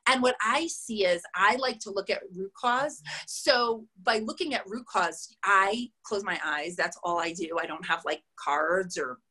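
A woman's voice: medium pitch, measured pace, hardly any pauses, bright, forceful tone, slightly rough. A woman in her thirties or forties, a guest talking casually and loosely, with lots of fillers and restarts. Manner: rambling, many "like" fillers, restarts mid-thought. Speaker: interview guest, spiritual reader. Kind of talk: casual conversational explaining.

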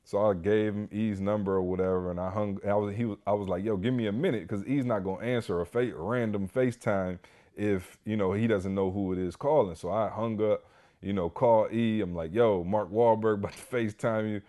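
A man co-hosting a podcast, telling a story in a casual, animated way full of "you know" and "like". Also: lowish voice, a little fast. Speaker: podcast co-host.

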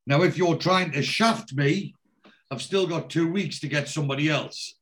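A man's voice: on the high side, normal speed, fairly bright tone, voice pushed up, lightly acted. A man putting on the voice of a blunt, hot-tempered builder with cocky retorts.

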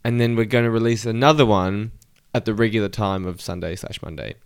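A man's voice: lowish voice, brisk, clean tone. A man co-hosting a casual movie podcast, teasing and bantering with his co-host. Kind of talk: casual chat about movies.

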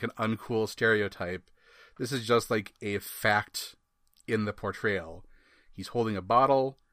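A man's voice: lowish voice, pushed and bright, no echo, studio quality. A man from Wisconsin hosting a casual comic book review podcast, wry and given to rambling asides and laughs. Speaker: podcast host.

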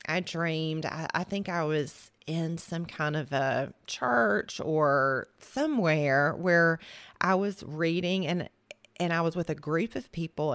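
A woman's voice: low voice, fairly bright tone, no echo. A woman guest on a faith podcast, telling a personal story in a chatty way with many restarts. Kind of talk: casual faith conversation.

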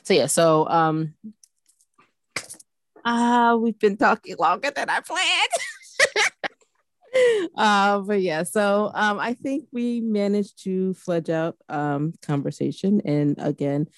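A woman's voice: medium pitch, slow, long pauses, dry recording, studio quality. A middle-aged woman co-hosting a podcast in casual chat, chatty and full of fillers. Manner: chatty, full of fillers, animated when joking. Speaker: podcast co-host.

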